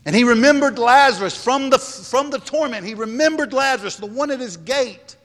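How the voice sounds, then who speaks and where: A man delivers a sermon with a high-pitched voice, pressing each point and circling back on his phrases. His words ring out with the long reverb of a large hall. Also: a little fast, fairly bright tone. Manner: emphatic, repeats phrases. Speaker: preacher.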